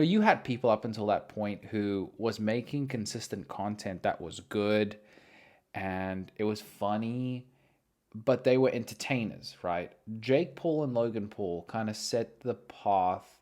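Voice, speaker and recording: A man hosting a casual solo chat show, rambling, swearing freely and making jokes at his own expense. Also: on the low side. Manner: rambling, profane, self-mocking. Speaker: host.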